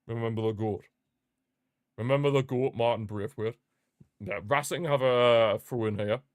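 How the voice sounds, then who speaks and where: Excitable man hosting a watchalong. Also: mid-range voice, normal speed, no room sound, dull audio. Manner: excitable, chatty, reacts to viewer comments. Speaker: watchalong host. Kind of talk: live football watchalong commentary.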